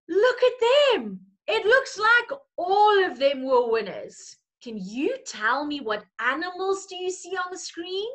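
A woman's voice: very high voice, very animated, a little slow, few pauses, a bit bright. A woman teacher, reading a picture story to young children in a playful, coaxing way.

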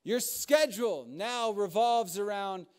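A young man preaches a sermon to young adults, telling funny stories about fatherhood with lots of laughter and asides. His voice is high with a darkish tone, and he speaks slowly.

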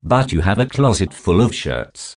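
A man reading simple scripted practice dialogues in a slow, even textbook delivery. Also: low voice. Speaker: dialogue reader for English practice.

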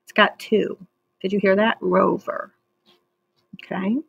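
A woman teacher reads a children's book aloud for an online class, slow and patient, drawing out words syllable by syllable. Her voice is medium in pitch with a gravelly, slightly husky edge. The sound is close and dry, with no room echo. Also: flat delivery, lo-fi sound. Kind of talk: read-aloud reading lesson for children.

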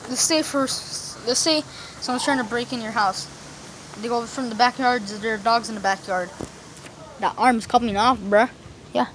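Rambling woman vlogging outdoors by traffic. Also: a little high. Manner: rambling, slangy, lots of fillers. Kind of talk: casual rambling vlog. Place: outdoors in a yard near a road. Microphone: phone camera held facing self. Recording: outdoor phone recording with traffic noise. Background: street traffic and outdoor ambience.

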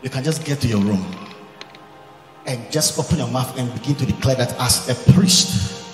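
A male pastor preaching a fiery sermon, quoting old-style scripture and at times shouting and speaking in tongues. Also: medium pitch, brisk, faint music behind. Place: large church event hall. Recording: echoey hall recording.

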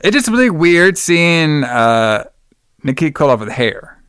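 Male podcast host, smooth clear voice, dry close sound, loose rambling chat full of swearing. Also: fairly high pitch, sing-song, unhurried, a bit bright, dry recording. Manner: rambling, laughing, swears freely.

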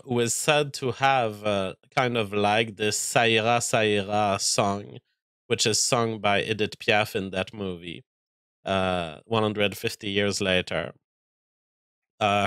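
A man's voice: lowish voice, bright, forceful tone, smooth, dry recording, studio quality. A man hosting a show and giving a casual spoken film review, exasperated and rambling, often breaking off and restarting sentences.

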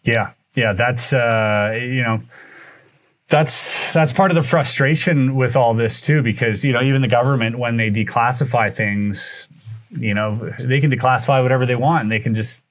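A man who is a guest on a podcast, telling a story in animated fashion, acting out the dialogue and often restarting his sentences. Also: mid-range voice, normal speed. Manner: acts out dialogue with shifting voices, frequent restarts.

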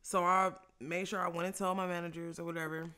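A young woman casually telling a story while eating, animated and profane, laughing often. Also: lowish voice, fast talker, smooth. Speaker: vlogger.

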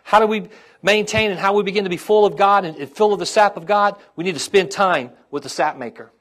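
A man's voice: high voice, brisk, fairly bright tone. A man, a pastor preaching a sermon to his congregation and calling out to them as his intensity rises.

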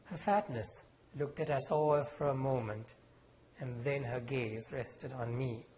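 A man from Sri Lanka, reading aloud from his novel in a measured, expressive storytelling manner at a university event. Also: mid-range voice, roomy sound, low-quality recording. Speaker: author. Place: lecture hall at a university event.

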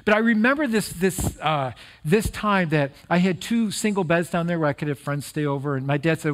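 A man's voice: fairly high pitch, animated, fairly quick. A middle-aged male pastor giving a conversational, earnest sermon that turns emotional during personal stories.

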